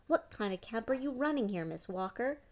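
A woman voicing a stern male state official who talks in a crisp, brisk manner. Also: a little high, lively intonation, a little mellow, pitched above the performer's own voice. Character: authoritative male attorney general, stern official.

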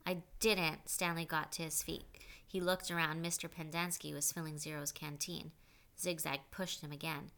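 Woman audiobook narrator, low pitch, bright tone, steady. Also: moderate pace.

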